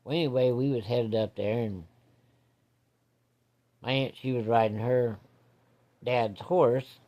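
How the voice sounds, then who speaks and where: A man's voice: mid-range voice, fairly even intonation, slow pace, dull audio. A man telling a rambling personal story in a folksy, casual way.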